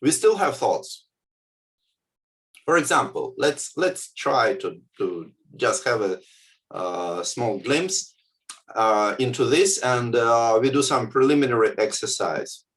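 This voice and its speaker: A man from the Soviet Union giving a lecture on contemplative practice and leading a guided exercise, speaking haltingly with many fillers and frequent "yeah?" check-ins. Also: mid-range voice, lively intonation, a bit bright.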